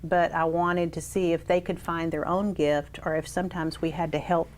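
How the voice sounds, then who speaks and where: A woman's voice: on the low side, flat delivery, moderate pace, a little hiss or hum. An older woman reminiscing in an oral history interview, telling her stories with animation and acting out the people she quotes. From South Texas. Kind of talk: reminiscing storytelling.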